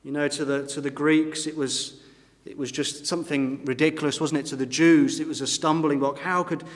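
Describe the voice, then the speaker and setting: A man's voice: fairly high pitch, flat delivery, moderate pace. A man preaching a sermon, retelling the story dramatically and voicing the doubts of the crowd. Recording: long reverb of a church hall.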